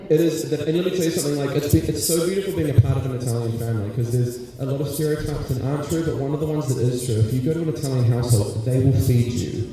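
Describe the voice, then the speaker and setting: A man's voice: medium pitch, quick pace, few pauses. A man doing live stand-up comedy, bantering with the audience between bits, recorded far off in a large civic hall with audience sound. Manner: chatty, crowd-work banter with the audience. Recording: distant, very echoey hall, audience noise.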